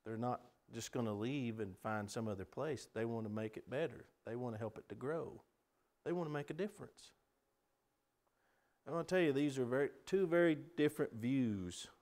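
A middle-aged man preaching a sermon, earnest, building to emphatic appeals and dropping to soft pleas. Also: medium pitch, normal speed.

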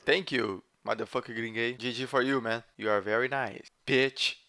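A man from Brazil with a Brazilian accent, a gamer joking his way through gameplay commentary with playful teasing and sudden excited yelps. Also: mid-range voice, normal speed. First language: Portuguese. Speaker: gamer hosting a let's play channel.

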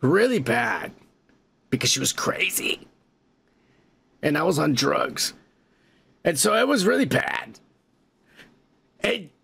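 A man with a fairly high voice hosts a comedy podcast and reads viewer comments aloud. He tells stories in a loose, casual way, swears freely and breaks into laughter often. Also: gravelly, a bit bright, breathy edge. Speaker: podcast host reading comments. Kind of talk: casual profane storytelling.

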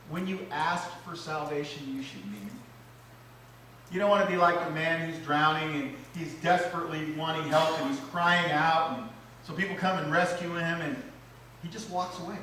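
A male pastor delivers a lively sermon, his voice climbing and getting loud on repeated phrases, then sinking low to drive a point home. His tone is bright and a little sharp. The recording sounds like a large, echoey church, picked up from some distance off. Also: moderate pace, a little hiss or hum. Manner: animated preaching, rising loud on repeated phrases, dropping low for emphasis. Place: church sanctuary.

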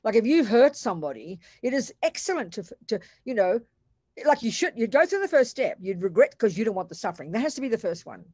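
An older woman with an Australian accent, a Buddhist nun giving an animated, emphatic dharma talk to a class in blunt, colloquial words. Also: a little high, fast, husky, no echo, clean studio sound.

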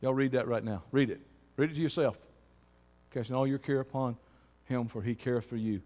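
Preacher in an echoing hall. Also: male voice, medium pitch, a little fast. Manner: swings from quiet to shouting. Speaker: pastor. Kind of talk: sermon.

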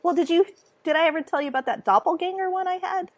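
A woman guest author with a sing-song way of talking, telling a story in an animated, chatty way. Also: extremely high pitch, fast talker. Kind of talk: casual chat.

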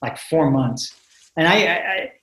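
A man's voice: a little high, animated, unhurried, sharp tone. A man in his sixties, a guest actor, chatting casually in an interview and often repeating words as he thinks. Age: 60s. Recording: roomy echo.

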